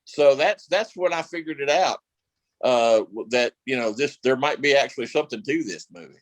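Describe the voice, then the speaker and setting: A man's voice: mid-range voice, lively intonation, normal speed, no echo, low-quality recording. A male actor guest telling stories in a casual interview, rambling with lots of fillers and restarts.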